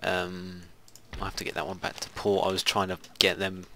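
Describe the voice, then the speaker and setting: A man's voice: low voice, monotone, moderate pace, pushed and bright, a little hiss or hum. A man giving rambling, casual commentary while playing a strategy game. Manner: rambling, muttering asides to himself. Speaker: gaming video host. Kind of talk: casual let's play commentary.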